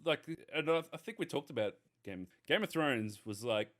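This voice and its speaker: A man's voice: medium pitch, expressive, normal speed, fairly bright tone. A man, chatting casually on a podcast and rambling enthusiastically, with lots of swearing. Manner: profane, rambling enthusiastic storyteller. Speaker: podcast panelist. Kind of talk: casual chat.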